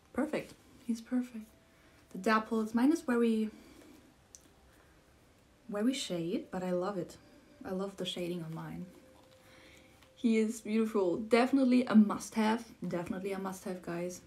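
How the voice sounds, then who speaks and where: A young woman from Germany, whose first language is German, gushing with breathless excitement as she unboxes a model horse for her vlog and repeats herself often. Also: mid-range voice. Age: young adult. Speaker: model horse collector vlogger.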